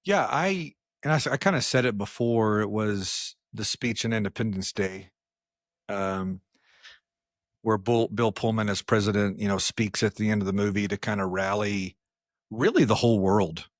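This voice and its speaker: Man, podcast co-host, casual chat, low voice, dry close sound, self-deprecating. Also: moderate pace, no echo. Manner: chatty, laughs at himself, trailing restarts. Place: podcast studio filmed on camera.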